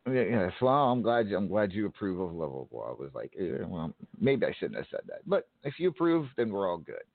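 A man hosting a casual show, talking in halting starts and restarts. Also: deep voice, sing-song, creaky, dry recording. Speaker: host. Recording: dry tinny phone-like line.

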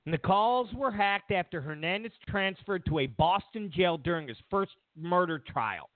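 A man's voice: high-pitched, lively intonation, moderate pace, no echo. Mock-outraged man ranting over a phone-like line. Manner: mock-outraged, swings between shouting and mumbling. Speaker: host. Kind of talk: sarcastic political rant. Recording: dry tinny phone-like sound.

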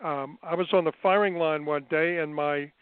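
A man as an interview guest, recounting his past in an unhurried, measured way with frequent fillers, heard over a phone line. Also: a little high, steady tone, smooth, no room sound. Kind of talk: remote interview, recounting experiences.

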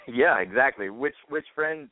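The line is dry and tinny, with no room sound, as an American podcast host talks casually by phone. He has an expressive mid-range voice and an unhurried pace, and he swears freely between wry asides.

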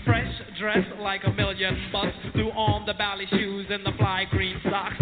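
A young man tells a boastful story in rhyme, half-singing with a playful swagger. His voice sits high and bright against a pounding hip hop beat. The sound is tinny and thin, like a lo-fi phone line. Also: completely flat delivery, a little slow. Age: young adult. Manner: playful, half-sung bragging delivery. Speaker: rapper. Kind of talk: storytelling rap over a beat. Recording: tinny lo-fi music recording. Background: loud hip hop beat.

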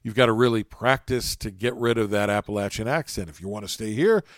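A man's voice: lowish voice, a little fast, dry recording, clean studio sound. A man from southern West Virginia hosting an interview podcast with a friendly, courteous broadcaster delivery. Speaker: podcast host.

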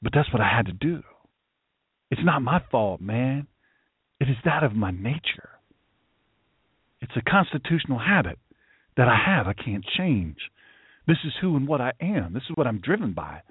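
A man's voice: medium pitch, sing-song, moderate pace, pauses often, slightly rough, no echo. A man voicing a shrugging, unrepentant scorpion in a fable, in a laid-back voice full of casual slang. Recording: tinny phone-like line, dry.

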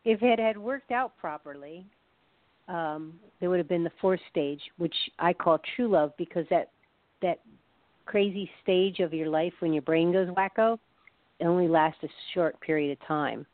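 A woman's voice: on the low side, moderate pace, no room sound. A woman guest expert, talking in a chatty explanatory way and telling anecdotes with quoted voices. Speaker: guest expert on the science of love. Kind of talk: casual explanatory interview talk. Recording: phone-like narrow sound.

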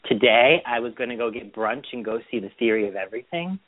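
Fast and expressive, a man with a mid-range voice co-hosts a Boston podcast and recounts his weekend casually. He mimics what people said in put-on voices, and the recording has a dry, phone-line quality.

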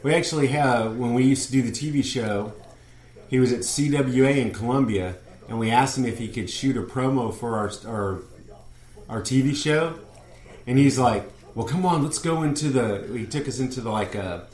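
A man's voice: medium pitch, moderate pace, darkish tone. A man co-hosting a casual wrestling fan talk show, telling rambling stories and acting out the people he quotes. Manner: rambling storyteller, acts out quotes. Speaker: podcast co-host. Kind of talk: casual chat. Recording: roomy echo.

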